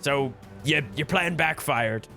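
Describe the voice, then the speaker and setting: A man's voice: fairly high pitch, slow pace, vocal fry, pushed and bright, soft background music. A man playing a tabletop game, describing his character's actions in an easygoing, hesitant way. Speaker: player.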